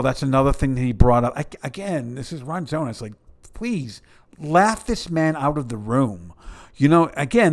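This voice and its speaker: A man giving casual commentary in a sarcastic, rambling way. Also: mid-range voice.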